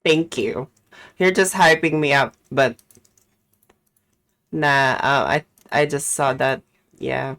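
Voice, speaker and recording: A young woman talks casually on a live gaming stream. Her voice sits low and she takes her time. She rambles, swears now and then, and quickly says sorry. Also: a bit bright. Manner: chatty, rambling, swears and apologizes in a rush.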